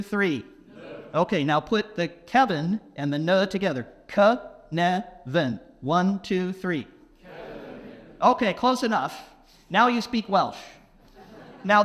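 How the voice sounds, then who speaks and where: A man giving a conference keynote, playfully quizzing the audience and speaking slowly and deliberately. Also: high-pitched. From England. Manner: playful, quizzes the audience, slow deliberate phrasing for non-native listeners. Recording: long hall reverb.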